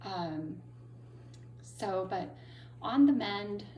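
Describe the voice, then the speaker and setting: Speaking very slowly in a medium-pitched, animated, slightly mellow voice, a woman shares her crochet and craft finishes in a casual show-and-tell vlog. She's chatty and says um a lot, still recovering from laryngitis and a lingering cough.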